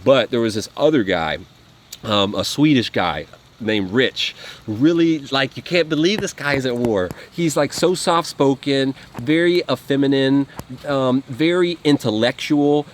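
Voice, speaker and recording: A vlogger spins rambling war stories straight to the camera, his casual storytelling peppered with fillers and false starts. He has a mid-range voice with lively intonation and keeps a measured pace.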